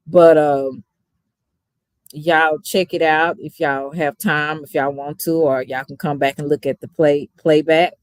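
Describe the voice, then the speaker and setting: A woman's voice: deep voice, no room sound, clean studio sound. A woman from Dallas with a Texas accent, sleepy and chatty, rambling as she thanks her livestream viewers by name. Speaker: YouTube reaction streamer. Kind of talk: casual livestream sign-off.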